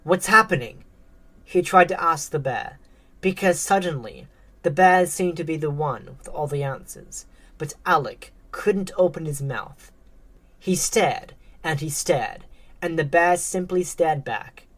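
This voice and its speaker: Slow, low-voiced woman narrating a story.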